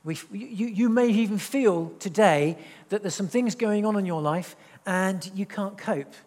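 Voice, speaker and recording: A man preaching a sermon, reading scripture aloud and slowing down to stress key words. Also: sits high, a little mellow, long reverb tail. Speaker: pastor. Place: church hall.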